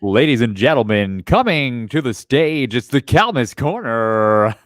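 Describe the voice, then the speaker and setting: A man putting on a slow, drawn-out strip club DJ announcer voice. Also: medium pitch, very animated. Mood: announcing.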